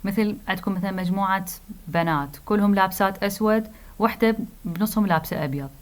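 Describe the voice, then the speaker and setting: A woman lecturer, an Arabic speaker, teaching a phonetics class slowly, with many fillers, repeated phrases and asides in Arabic. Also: medium pitch. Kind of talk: recorded lecture.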